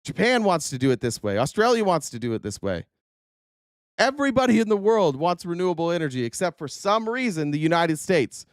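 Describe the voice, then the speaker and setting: A man's voice: on the high side, sing-song, a little fast, no echo, studio quality. A man hosting a casual political livestream, talking in a sarcastic, profane way and reading viewer comments aloud, his voice a little worn. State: voice a bit worn. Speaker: livestream host.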